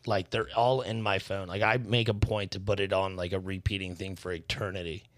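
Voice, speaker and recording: A man's voice: sits low, level tone, fairly quick, fairly bright tone, slight background noise. A man co-hosting a podcast, telling stories in laid-back casual chat. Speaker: podcast co-host.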